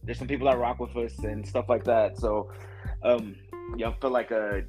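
A laid-back male guest chats about growing up, laughing easily as he goes. His voice is mid-pitched and relaxed. Faint music plays in the background. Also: normal speed, rough recording. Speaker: podcast guest. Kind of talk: casual chat.

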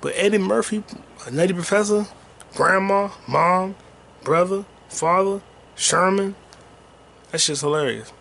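A man's voice: sits high, unhurried, vocal fry, long pauses, fairly bright tone. A man hosting a rambling solo podcast while gaming, talking loosely and profanely with sing-song asides. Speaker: podcast host.

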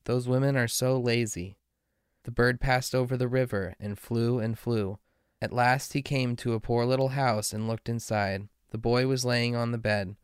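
A man reading a fairy tale aloud in a slow, measured way. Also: mid-range voice, steady tone, smooth, no echo, clean studio sound. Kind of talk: storybook reading.

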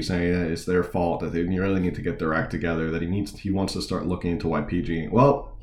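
A man's voice: sits low, roomy sound. A man hosting a political talk show, reading news articles aloud and commenting in an informal, digressive way with sarcastic asides.

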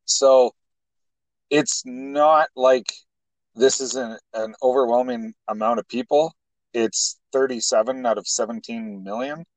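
Male co-host, mid-pitched, halting delivery, dry close recording. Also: dry recording, low-quality recording. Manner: halting, many fillers and restarts. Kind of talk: casual political talk.

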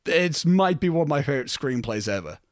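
A man's voice: a little high, lively intonation, a little fast, no room sound, studio quality. A young man co-hosting a casual film podcast, swearing freely and laughing as he talks. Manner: swearing, laughing, acting out characters' lines. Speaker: podcast co-host.

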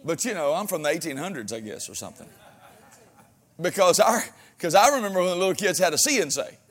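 Delivering his sermon, this pastor uses a high voice that's very animated and fast. He mixes folksy humor and plenty of amens, shifting from loud exhortation to quiet asides.

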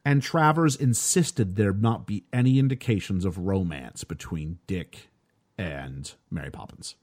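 A North American man hosting a casual film podcast, chatty and quick to laugh. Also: deep voice. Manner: chatty, animated, laughs often. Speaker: podcast host.

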